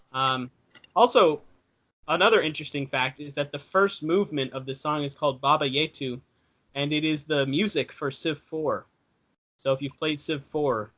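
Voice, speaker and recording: A young man co-hosts a casual podcast, rambling along and correcting himself mid-sentence. His voice is bright and a little high for a man. The audio sounds dull and lo-fi. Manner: rambling, self-correcting, chatty. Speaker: podcast co-host. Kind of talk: casual chat.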